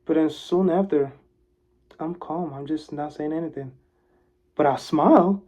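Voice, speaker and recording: Man swinging between loud and hushed. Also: a little high, measured pace, pauses often. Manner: swings from loud and animated to soft, hushed calm; moves toward and away from the camera while talking. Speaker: vlogger giving advice. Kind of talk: motivational talk to camera. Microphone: camera mic, speaker moving closer and farther.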